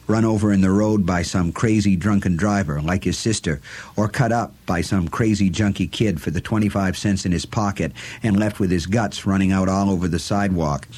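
A man reading a novel aloud as an audiobook narrator, in a measured, deliberate storytelling manner. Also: low voice, dark tone.

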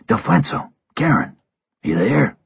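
A man voicing a calm, terse male ex-soldier, speaking in a low whisper on a slightly dull recording. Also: unhurried, vocal fry, husky, no echo, exaggerated voice. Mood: grim whisper.

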